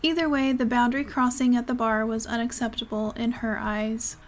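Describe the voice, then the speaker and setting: A woman narrating a scripted commentary in a measured, even way. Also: on the high side.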